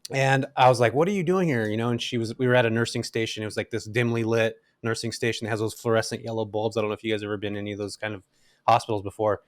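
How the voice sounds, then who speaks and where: A middle-aged man telling his story as an interview guest, animated and casual, with frequent fillers. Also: on the low side, very fast, dry recording, studio quality. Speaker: guest, rental investor.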